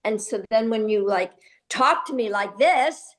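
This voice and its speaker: Woman, class speaker, gentle and reflective, pausing often, temple class. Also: medium pitch, expressive. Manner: gentle, reflective, pauses with fillers. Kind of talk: spiritual class talk with Q&A.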